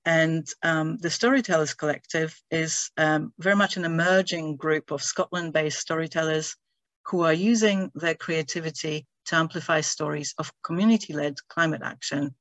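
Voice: mid-range voice, steady tone, normal speed, fairly bright tone, no echo. A host opening an online event, with hesitant speech full of ums. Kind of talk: event introduction on a video call. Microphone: video call.

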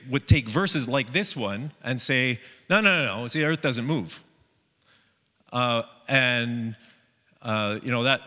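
A man's voice: mid-range voice, sharp tone, in a large hall. A man preaching a sermon in a casual, conversational way, often restarting his sentences. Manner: conversational, with many restarts and fillers.

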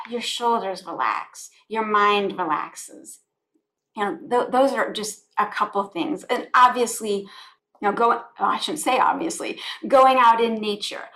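A woman's voice: fairly high pitch, unhurried, fairly bright tone. A woman guest on a podcast, a spiritual life coach from the United States, talking in an earnest, heartfelt way, often repeating phrases. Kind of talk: conversational podcast interview.

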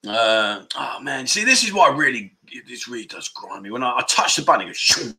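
Male livestream host, lively and swooping, bright sharp tone, rambling and jokey. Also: medium pitch, fairly quick, poor audio. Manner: animated, chatty, jokey, rambling. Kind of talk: casual livestream chat reading comments.

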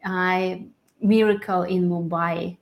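A woman's voice: fairly low pitch, fairly even intonation, slow. A woman chatting as a guest, eagerly chiming in on her partner's story. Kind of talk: casual chat.

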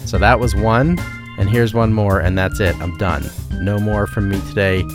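A man's voice: lowish voice, fairly even intonation, normal speed, music in the background. A man hosting his own podcast, talking casually and poking fun at himself. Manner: self-deprecating, rambling outro. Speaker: podcast host.

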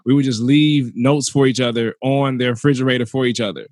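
A man's voice: medium pitch, brisk, a little mellow, no room sound, clean studio sound. A male comedian in casual chat, telling a rambling story in a laid-back way.

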